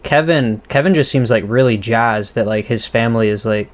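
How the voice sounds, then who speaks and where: A man's voice: mid-range voice, moderate pace. A man hosting an off-the-cuff episode breakdown, speaking casually, laughing often and swearing. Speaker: host.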